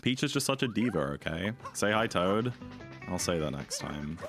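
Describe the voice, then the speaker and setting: Low-voiced chatty streamer guy. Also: big pitch swings, moderate pace. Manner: rambling, chatty, reads and answers chat. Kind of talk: casual livestream chat while gaming. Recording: game music playing behind.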